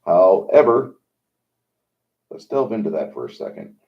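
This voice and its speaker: A man's voice: sits low, very animated, creaky. A man hosting a livestream, talking in a rambling, opinionated monologue with many halts. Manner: rambling, opinionated, halting with fillers. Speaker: livestream host. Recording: dull lo-fi sound.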